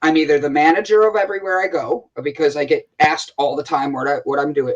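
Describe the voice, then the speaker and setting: A man with an American accent tells a story in a casual co-hosted chat. His voice sits high, and he talks in an animated way, starting his sentences over again and again. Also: fast talker, few pauses, muffled recording. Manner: animated storytelling with many restarts. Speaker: co-host.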